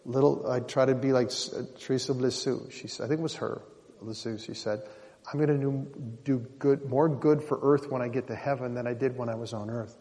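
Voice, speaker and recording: A man's voice: mid-range voice, fairly even intonation, brisk, mellow, long reverb tail. An older man leading a faith gathering, speaking in an earnest, encouraging, folksy way. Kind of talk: informal faith talk.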